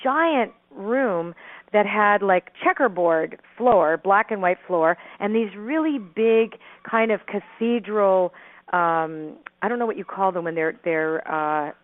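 A middle-aged woman telling a personal story as a caller, animated and rambling, with restarts and frequent laughs. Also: mid-range voice, takes it slowly. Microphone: telephone. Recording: tinny phone line.

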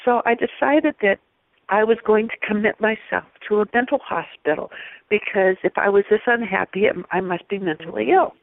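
A woman guest telling a personal story in an animated way, laughing often and restarting her sentences. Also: mid-range voice, normal speed, gravelly, dry recording. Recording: phone-like lo-fi line.

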